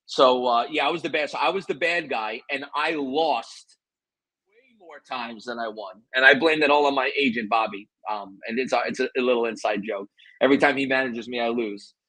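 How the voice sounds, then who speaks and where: A former pro wrestler telling stories in a relaxed interview, animated and boastful. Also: male voice, medium pitch, brisk, dry recording, poor audio. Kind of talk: casual interview storytelling.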